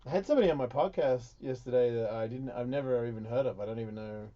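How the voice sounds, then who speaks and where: A man's voice: mid-range voice, fast, muffled recording. A man hosting a radio talk show, rambling and swearing through crude banter. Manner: profane, rambling, loud bursts of laughter.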